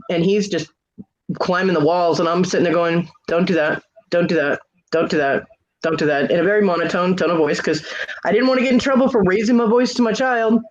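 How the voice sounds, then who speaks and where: A middle-aged woman telling a funny family story in a casual chat, laughing often and acting out the quoted voices. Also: mid-range voice. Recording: dull lo-fi live stream audio.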